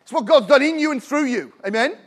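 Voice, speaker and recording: Male preacher, very high voice, middle-aged, impassioned sermon, calls for amens. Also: animated, fairly quick. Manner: impassioned, rising to shouts with frequent "Amen?" calls.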